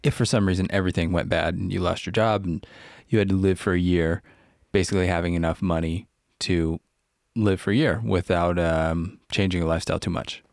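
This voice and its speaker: A very deep-voiced man co-hosts a podcast into a close, dry microphone. His humor is dry and teasing, and he drifts into silly scatted jingles. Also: steady tone, brisk, gravelly, a little mellow, no echo. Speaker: podcast co-host. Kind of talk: casual podcast chat. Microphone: studio microphone.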